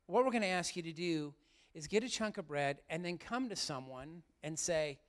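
A man's voice: on the high side, lively intonation, normal speed. A middle-aged man, a pastor, giving an earnest, heartfelt sermon and speaking directly to his congregation in church. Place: church sanctuary.

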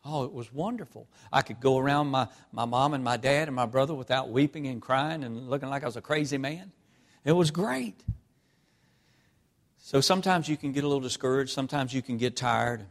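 A man from North Carolina preaching a storytelling sermon, his voice falling to a tearful hush and rising to loud, fervent emphasis. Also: mid-range voice, brisk. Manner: reads scripture in an old-fashioned cadence.

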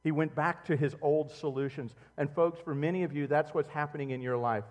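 A middle-aged man preaching a sermon as a pastor, swinging between loud emphatic outbursts and quiet, low, intimate passages. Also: steady tone, fairly quick, long reverb tail.

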